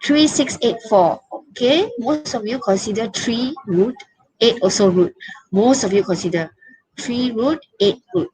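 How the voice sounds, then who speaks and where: A woman's voice: fairly high pitch, expressive, unhurried, a little mellow, poor audio. Chatty Malaysian woman teacher. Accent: Malaysian English. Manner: coaxing, chatty, uses "lah" and speaks of herself as teacher. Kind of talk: online English lesson.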